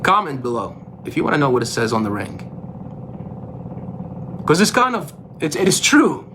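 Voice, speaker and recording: Animated motivational man. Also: a little high, moderate pace, noisy background. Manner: animated, asks audience questions, repeats phrases. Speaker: life coach. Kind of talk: motivational storytelling.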